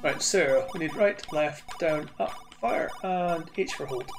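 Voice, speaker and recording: A man's voice: fairly high pitch, measured pace. A Scottish man streaming retro games, chatting casually and rambling to his viewers with frequent restarts.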